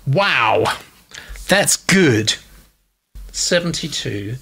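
A man's voice: mid-range voice, big pitch swings, extremely slow, creaky, slightly rough, faint music behind. An English man hosting a casual panel chat over a video call, reading out viewer comments in a chatty way. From England. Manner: warm, chatty, breaks into laughs. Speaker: host of a manuscript feedback show.

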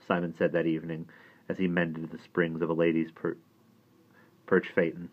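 A man reading a novel aloud in steady audiobook narration. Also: deep voice, moderate pace, long pauses. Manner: steady storytelling. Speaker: audiobook reader. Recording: tinny phone-like sound.

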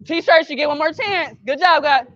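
A woman coaching a youth basketball practice, calling brisk directions and praise and gently correcting the kids. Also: high voice, no echo. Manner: brisk, directive calls and encouragement; patient, gentle correction of the group. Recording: dull, dry lo-fi sound.

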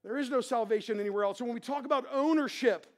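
A woman preaches a sermon in a high, bright register. She speaks in a loose, conversational way, full of restarts. She drives points home by repeating phrases and rising into impassioned shouts. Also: fast. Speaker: pastor.

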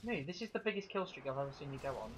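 A young man, chatting excitedly and joking with friends over a shooter game. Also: on the high side, rapid-fire. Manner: excitable, jokey banter. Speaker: gaming channel host. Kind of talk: casual game chat with friends. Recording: gameplay gunfire behind, faint noise.

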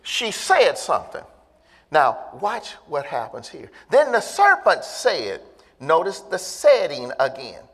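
A man preaches in a high, animated voice that swoops up and down as he pushes his point. He keeps pulling the congregation along with questions and asides. The long reverb of a church hall hangs behind every phrase. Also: slow, husky. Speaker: pastor. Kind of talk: sermon.

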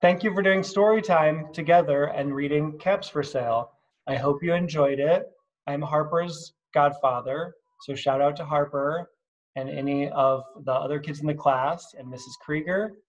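A man's voice: on the high side, normal speed, highs cut off. A man reading a picture book aloud at story time, adding chatty asides and asking the kids questions, at home. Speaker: reader at children's story time.

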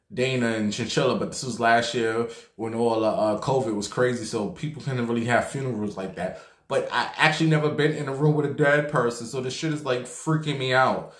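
A man telling a casual story straight to camera, chatty and animated, dropping swear words and filling gaps with "like". His voice sits at an ordinary middle pitch. The room gives it a noticeable echo. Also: normal speed. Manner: chatty and animated, swears freely, leans heavily on "like". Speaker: vlogger. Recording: roomy echo.

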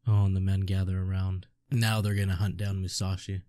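A man's voice: deep voice, level tone, a little fast, few pauses, dark tone, no room sound, studio quality. A young man reading a manga aloud and reacting, swearing often and exclaiming in awe. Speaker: streamer.

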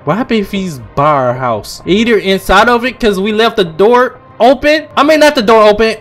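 A young man, playing a horror game and talking his viewers through it, switching between low muttering and loud frightened shouts. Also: big pitch swings, brisk, hardly any pauses, soft background music. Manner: swings from low mumbling to loud panicked shouts, reads on-screen text aloud. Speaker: gaming channel host. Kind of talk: horror game let's play commentary.

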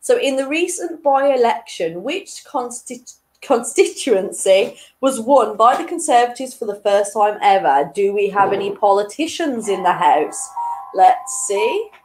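A woman's voice: medium pitch, animated, a little slow, a little mellow, soft background music. A young woman hosting an online quiz in a chatty, giggly way, reading each question twice and tripping over her words. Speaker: quiz host.

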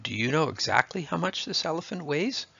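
Man doing a proud storybook prime minister, commanding, gravelly, a bit raised. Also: a little high, animated, a little fast, sharp tone, dry recording, lo-fi sound, voice pushed up, full character voice. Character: amused, commanding old male prime minister.

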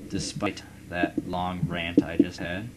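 Deep-voiced man rambling over gameplay. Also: flat delivery, takes it slowly. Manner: rambling, profane, musing aloud. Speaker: let's play gamer. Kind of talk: casual gameplay commentary. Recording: loud background noise.

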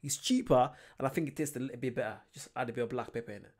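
A man talking casually as a vlogger, relaxed and repeating himself as he gives his view. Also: medium pitch, racing. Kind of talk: casual reaction chat.

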